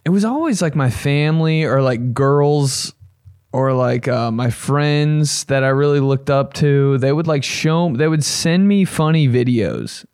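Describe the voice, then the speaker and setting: A young man hosting a podcast, chatting casually in a loose, profane, rambling way with bursts of excitement. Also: medium pitch, measured pace, smooth, no room sound, clean studio sound. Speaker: podcast host. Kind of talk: casual chat.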